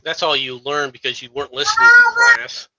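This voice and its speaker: Co-host type: argumentative man, very bright tone, a bit high-pitched, debating casually. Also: wildly swooping pitch, a little fast, no echo, rough recording. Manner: argumentative, interrupting. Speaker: co-host of a history stream.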